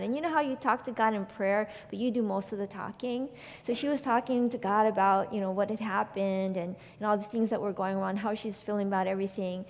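A woman preaching a sermon, earnest and storytelling, growing quieter when she quotes scripture. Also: on the high side, long reverb tail.

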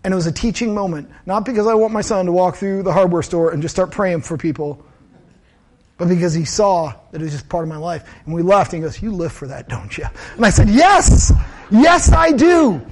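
Delivering a sermon at a quick pace, a pastor with a fairly high male voice speaks earnestly and conversationally. He weaves in personal stories and repeats key phrases for emphasis.

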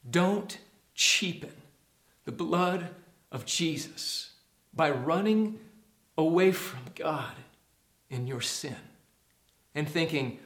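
A man preaching a sermon as a pastor, earnest, dropping to a hush and rising to emphasis. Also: fairly high pitch, slow pace, pauses often, reverberant. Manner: earnest, swings from hushed to emphatic.

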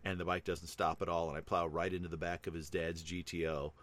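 A middle-aged man with a very low voice, chatting casually as a host. He rambles through a personal story, filling gaps with lots of ums and you-knows. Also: level tone, brisk, fairly bright tone. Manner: rambling, with many fillers.

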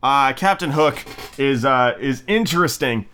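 Guy rambling a movie review on his podcast, lots of ums, swears a bunch, clear voice. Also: medium pitch, lively intonation, unhurried, pushed and bright. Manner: rambling, profane, many ums and restarts; jokey, does mocking voices of characters. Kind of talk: casual solo review chat.

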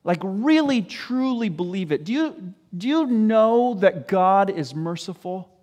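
A man's voice: sits high, lively intonation, a little slow, a little mellow. A man preaching a sermon in an earnest way, often putting questions to his listeners. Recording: echoey hall.

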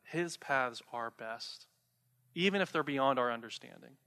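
A man's voice: mid-range voice, unhurried, gravelly, bright, forceful tone. A young man preaching a sermon, talking conversationally and asking the listeners rhetorical questions. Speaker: pastor.

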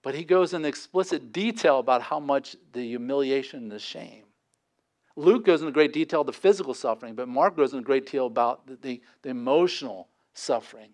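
A man preaching a sermon, shifting between forceful emphasis and hushed intensity. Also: medium pitch. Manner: dynamic preaching, dropping to quiet intensity. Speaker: pastor.

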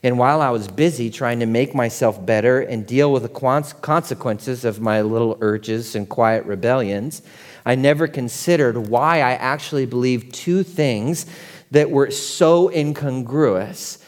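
A man in his forties, a pastor preaching a conversational sermon that swings from quiet and tender to loud and excited. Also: medium pitch, unhurried. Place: church sanctuary. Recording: long hall reverb.

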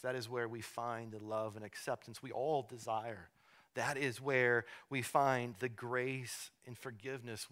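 A male pastor preaching a sermon, moving from hushed, slow emphasis to loud, high-pitched fervor, often repeating words as he restarts.

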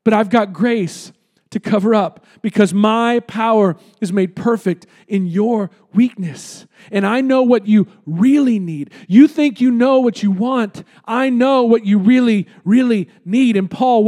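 A man voicing God as a patient, fatherly divine figure, speaking in gentle, unhurried reassurance. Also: high voice. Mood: reassuring.

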